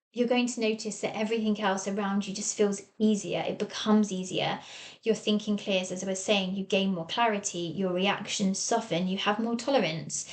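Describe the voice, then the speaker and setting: An English woman with an English accent, a therapist hosting her own podcast from a small office and talking listeners through ideas in a coaching tone. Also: medium pitch. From England. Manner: warm coaching tone, acts out quoted voices. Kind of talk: solo podcast talk.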